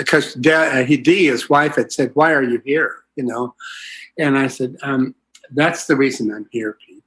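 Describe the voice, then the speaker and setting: An older man speaks at a recovery meeting, telling his story in a folksy, rambling way. He fills his talk with asides and fillers. His pitch sits in an ordinary middle range. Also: takes it slowly, pauses often, fairly bright tone.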